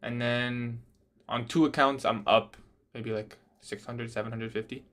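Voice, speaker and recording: Young male streamer, laid-back and conversational, reads chat aloud, mid-pitch everyday voice. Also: fairly even intonation, unhurried, fairly bright tone. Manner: casual, says "bro" often, laughs at odd questions. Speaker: day trader livestreaming. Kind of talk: casual livestream chat reading viewer questions.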